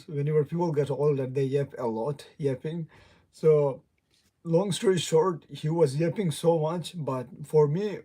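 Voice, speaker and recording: A man's voice: on the high side, dark tone. A young man with a non-native English accent, hosting a rambling, casual livestream chat, laughing often and greeting viewers. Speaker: livestream host. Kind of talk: casual live stream chat.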